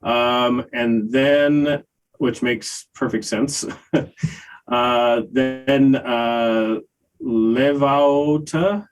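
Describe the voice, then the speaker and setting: An older man co-hosting a music review podcast, talking in a casual, hesitant way with many pauses and fillers. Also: mid-range voice, fairly even intonation, clean tone, low-quality recording. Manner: slow, hesitant, many ums and uhs. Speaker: podcast co-host reviewing albums. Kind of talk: casual chat.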